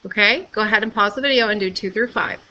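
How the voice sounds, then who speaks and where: A woman teacher giving a recorded video lesson, explaining patiently and clearly and often checking with "okay?". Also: mid-range voice, quick pace, bright, forceful tone, muffled recording, slight background noise.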